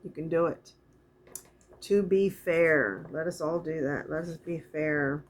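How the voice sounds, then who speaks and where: A middle-aged woman giving a casual spiritual oracle card reading, talking in a soft, meandering way and reading card texts aloud slowly. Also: low voice, flat delivery, a little hiss or hum.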